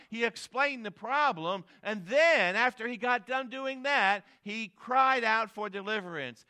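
Bright high-voiced man preaching a sermon. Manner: preaching with rising emphatic swells and drops. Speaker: pastor.

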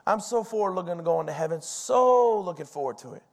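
A pastor in his forties preaching a sermon, telling personal stories in an animated, folksy way. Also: high-pitched, a little fast, few pauses.

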